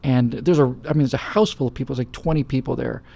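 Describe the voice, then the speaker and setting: Male host, middle-aged, very gravelly and husky, casual rambling chat. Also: medium pitch, fast talker, mellow. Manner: rambling storytelling with many fillers. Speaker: show host. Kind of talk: casual talk-show chat.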